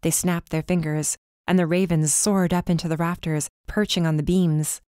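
A woman reading a first-person dark fantasy story as audiobook narrator, with tense, urgent delivery. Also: on the low side, fairly even intonation, normal speed, smooth, dry recording, studio quality.

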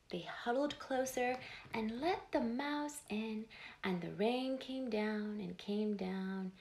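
A woman slowly reading a picture book aloud to young children, pausing to ask them questions. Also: mid-range voice, vocal fry. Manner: slow, gentle, asks the children questions. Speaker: storyteller host.

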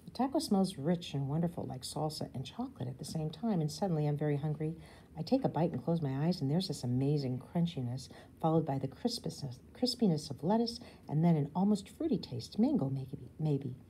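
A woman teacher reading a children's novel aloud to her class, expressive and giving the characters their own voices. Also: sits low, a little hiss or hum, rough recording. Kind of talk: storybook read-aloud.

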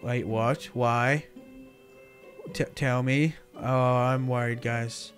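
A man hosting a roleplay series, playing himself in excitable casual chat, often calling others dude or man. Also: medium pitch, slow, soft background music.

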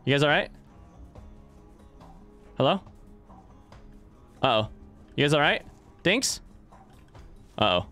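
Lively joking man streaming a game. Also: fairly high pitch, takes it slowly, long pauses, faint music behind. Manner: animated, joking, swears freely. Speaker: streamer playing a multiplayer game. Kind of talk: casual gaming chat with friends.

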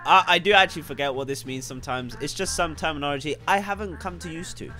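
A young man hosting a reaction video, joking, swearing and breaking into sudden shouts. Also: a little high, fast. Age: young adult. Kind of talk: casual reaction commentary. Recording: music playing underneath.

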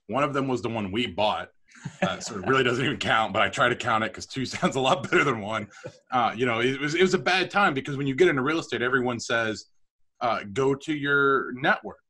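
Bright, chatty male storyteller. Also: medium pitch, fairly quick. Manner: chatty, animated, self-deprecating humor. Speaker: podcast guest, entrepreneur. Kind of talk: storytelling interview.

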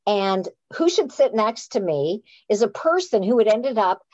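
At medium pitch and a slightly slow pace, a Canadian woman who is an author and playwright recounts a story casually on a live chat. She's animated and self-deprecating, often restarting. The sound is dull and dry, with no room sound.

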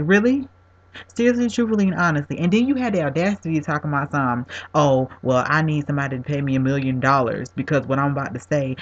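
A man's voice: fairly high pitch, fairly bright tone, lo-fi sound. A man records an angry video response, swearing freely and hammering the same disbelieving questions again and again. His delivery is heated and emphatic. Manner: profane, heated and emphatic, repeating rhetorical questions. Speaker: video blogger. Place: home.

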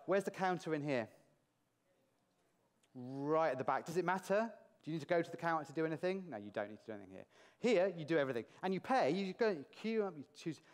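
A British man giving a lively, jokey conference talk to a large audience in a hall, asking the crowd questions as he goes. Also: fairly high pitch. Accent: British English. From Britain. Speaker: conference speaker.

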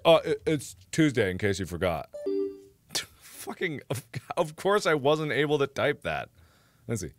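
A young man live-streaming, giving gameplay commentary while getting exasperated, swearing and breaking into loud outbursts. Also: lowish voice, big pitch swings, a little slow.

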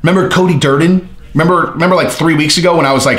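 A man's voice: on the high side, racing, hardly any pauses, roomy sound. A man ranting casually about fighting news, swearing freely and acting out both sides of imagined conversations. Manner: profane, animated, acts out both sides of conversations. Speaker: MMA commentary YouTuber.

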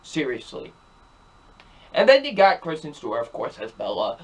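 A man's voice: medium pitch, huge pitch swings, normal speed, slight background noise. A young man giving a ranting movie review, exasperated and emphatic, repeating himself over and over.

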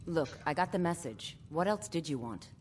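A woman's voice: low voice, lively intonation, normal speed, a little hiss or hum. An actress playing a frightened woman shopkeeper in a video game, begging to be left in peace. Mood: fearful. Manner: fearful, begging.

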